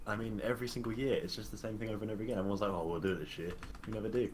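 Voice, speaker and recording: A man's voice: fairly low pitch, steady tone, very fast, a little hiss or hum. A young man co-hosting a podcast, talking in a blunt, sardonic way and swearing freely. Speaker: podcast co-host. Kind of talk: casual chat.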